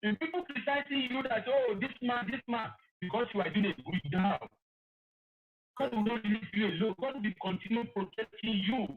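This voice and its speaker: A man's voice: sits high, moderate pace. Male caller, gushing and emotional, heard through a narrow phone line. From Nigeria. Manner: effusive, emotional praise. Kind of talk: phone-in call. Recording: tinny phone line with faint hiss.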